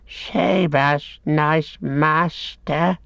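A man voicing a wretched, cringing creature that whines and wheedles, stretching words slowly and leaping up high. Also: steady tone, fairly bright tone, dry recording, exaggerated voice. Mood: pleading. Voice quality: whining, wheedling, breathy-far timbre. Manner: drawn-out slow words with sudden high jumps. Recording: dry, slightly dull audiobook recording.

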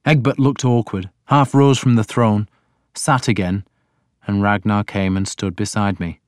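A man narrating a first-person story in a measured, steady telling, his voice on the low side. The recording is close and completely dry, with no room sound. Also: no room sound. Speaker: audiobook narrator.

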